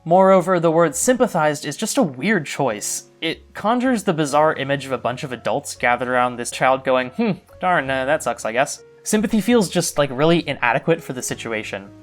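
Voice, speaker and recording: A man's voice: on the high side, big pitch swings, brisk, hardly any pauses, soft background music. A young man narrating a scripted video essay as a literary critic, with dry, wry asides. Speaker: literary critic, club co-host.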